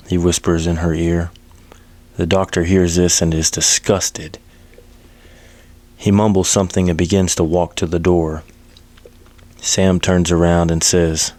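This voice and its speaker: Uomo dalla voce molto grave che narra. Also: male voice, low voice, little pitch movement, moderate pace, a little mellow, no echo. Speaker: storyteller. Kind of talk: reading a western story aloud.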